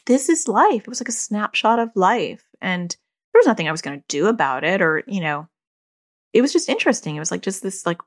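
A woman, a parent who hosts a podcast, talking candidly in a loose, conversational way and often saying "like". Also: medium pitch. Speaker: podcast host. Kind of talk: casual reflective parenting talk.

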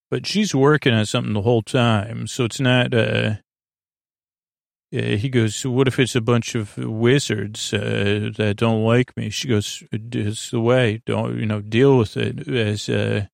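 Podcast host, male, gravelly fry, rambling filler-heavy recap, dry close sound. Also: mid-range voice, dry recording. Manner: rambling, many filler uhs, paraphrases scene dialogue loosely. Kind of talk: casual episode recap.

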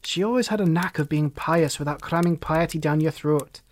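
A man reading the part of a wistful, remorseful grown man, speaking in a measured, reflective way. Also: a little high, natural voice.

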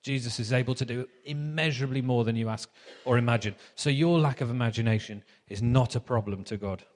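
A man in his thirties gives a casual, story-filled sermon, joking at his own expense and filling pauses with ums. His voice sits at an ordinary middle pitch and carries a long hall reverb. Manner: chatty, self-deprecating, many ums. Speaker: preacher. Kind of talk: sermon with anecdotes.

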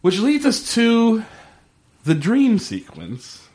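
A man co-hosting a casual podcast, recapping a TV show. He talks loosely, full of likes and ums, and his voice jumps up in pitch when he acts out what the characters said. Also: slow pace. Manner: animated retelling with filler words, quotes characters in a lively voice. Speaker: podcast co-host recapping a TV episode. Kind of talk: casual chat.

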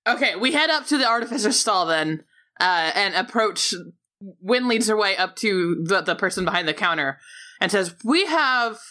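Woman, practical tabletop player, bright tone, mid pitch. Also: animated, normal speed. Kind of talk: casual tabletop play.

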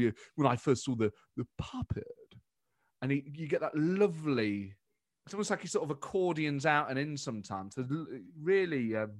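A man talks as a guest in an animated, chatty way. His voice sits in a middle pitch. The recording is dry and close. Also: no echo. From Nottingham, England. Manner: chatty, animated, quick restarts. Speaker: guest comedian and impressionist. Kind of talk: casual interview chat.

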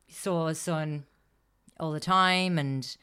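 A woman with a low, smooth voice tells a story to her podcast co-hosts. She chats loosely, swears freely and laughs often. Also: fairly even intonation, slow pace, pushed and bright. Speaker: podcast co-host telling a story. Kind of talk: casual chat.

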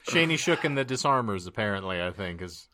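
A man hosting a comedy podcast, reading a story aloud in a mock-dramatic way and pausing to joke with his co-hosts. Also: on the low side, crowd noise. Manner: lively, mock-dramatic narration. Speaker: podcast host.

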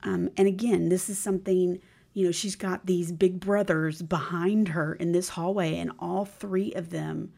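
A woman's voice: fairly low pitch, fairly even intonation, a little slow, creaky, warm tone. A woman podcast host casually retelling a TV episode scene by scene, with frequent fillers and the odd drop into a whisper. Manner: storytelling recap with many fillers, drops into a whisper at times.

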